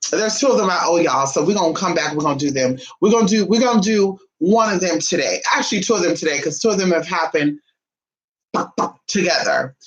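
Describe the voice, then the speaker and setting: A man talking casually and gossipily to his viewers, calling them y'all and honey, swinging from soft asides to loud exclamations. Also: high-pitched, expressive, fairly quick, rough recording. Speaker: vlogger.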